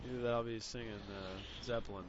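A man's voice: lowish voice, fairly even intonation, a little fast, background noise. Wisecracking man in casual chat, lo-fi. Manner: dry wisecracking interjections. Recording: dull lo-fi sound.

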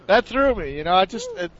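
A man's voice: high voice, a bit bright. A man chatting casually with a friend, telling a rambling funny story and acting out the sounds he heard. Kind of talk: casual comedic chat. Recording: dull lo-fi sound.

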